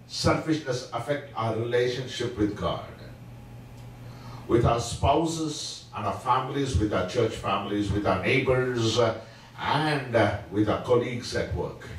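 A man teaching a Sabbath School lesson in a church, preaching slowly and emphatically with frequent fillers. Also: medium pitch, slight background noise. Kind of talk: church Bible-study sermon. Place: church hall. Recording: echoey hall, mic at a distance.

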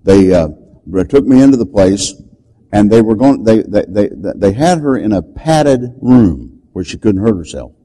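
An older man preaching, telling a story dramatically and shouting the commands he quotes. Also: on the low side, expressive, measured pace, poor audio. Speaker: deliverance preacher. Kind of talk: storytelling sermon.

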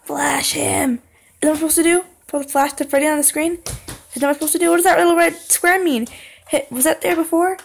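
A young woman playing a horror game, talking to the screen, singing along and yelling when scared. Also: high voice, fairly even intonation, fast talker, gravelly, a little hiss or hum. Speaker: gaming channel host. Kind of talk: horror game let's play commentary.

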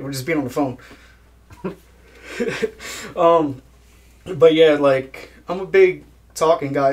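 A young man chatting casually in an interview, laid-back, swearing a lot and laughing at his own jokes. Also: a little high. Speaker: guest musician.

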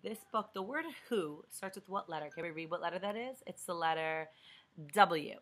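A woman's voice: lowish voice, normal speed. A woman reading a picture book aloud to young children, asking them questions to guess each answer and dropping to a whisper for suspense. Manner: dramatic hushed whispers for suspense.

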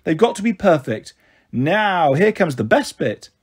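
A man's voice: fairly high pitch, very animated, measured pace, husky, heavily acted. A man voicing a flighty, affectionate young mother in a storybook reading, with a sweet, coaxing manner.

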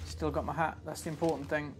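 A man's voice: a little high, little pitch movement, fast, background noise. A man giving chatty, self-mocking live commentary while he plays a video game and talks to his viewers. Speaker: streamer playing a game. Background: game music.

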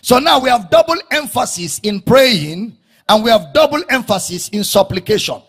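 A man preaching a sermon, breaking into shouts and sing-song rises and drawing out key words. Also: very high-pitched, animated, moderate pace, slightly rough. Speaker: pastor.

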